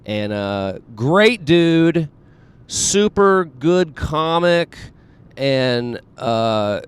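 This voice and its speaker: A man's voice: a little high, sing-song, drawn-out words, clean tone. A man hosting his own show as a comedian, in a rambling, self-deprecating monologue full of fillers, with a Southern US accent.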